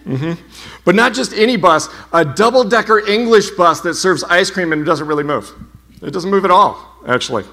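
A pastor preaching a sermon, telling stories in an animated, humorous way. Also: male voice, high-pitched, normal speed. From United States.

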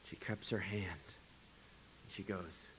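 A man with a fairly low voice preaches a sermon to his congregation and to viewers at home. His delivery swings from emphatic lines to soft, breathy near-whispers. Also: fairly even intonation, slow pace, a little hiss or hum. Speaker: pastor. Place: church service streamed to viewers at home.

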